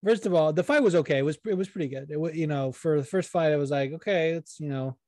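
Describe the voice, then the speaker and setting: A man's voice: on the high side, a little mellow, no room sound. A man chatting casually on a podcast, with a voice sitting a bit above the usual male range. He swears freely and rattles on, often breaking off to restart a thought. The sound is dry and close, with no room around it. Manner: profane, fast-running, frequent restarts and acted quotes. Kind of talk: casual chat about fights.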